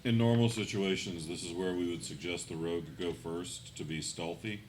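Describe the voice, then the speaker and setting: A man's voice: low voice, fairly even intonation, normal speed, darkish tone. A man playing a tabletop game at a live show, teasing his party casually. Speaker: player. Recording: live show with faint noise.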